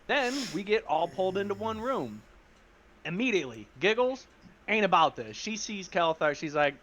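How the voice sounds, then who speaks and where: A man retells a tabletop game session in loose, casual slang and jumps into the characters' voices. His voice is high and bright, with wide swings in pitch. The audio is a bit dull. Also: very animated, moderate pace. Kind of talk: animated session recap.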